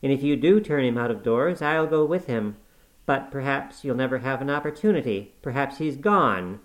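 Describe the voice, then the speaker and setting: A man's voice: medium pitch, normal speed, close to an everyday voice, poor audio. A man voicing a wilful, peevish young woman who answers curtly and sulkily. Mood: sulky. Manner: sulky, curt replies.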